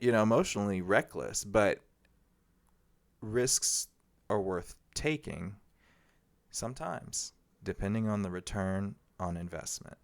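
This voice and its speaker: A man hosting a solo podcast, talking in a rambling, reflective way with frequent fillers. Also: fairly low pitch. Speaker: podcast host. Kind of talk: casual solo podcast monologue.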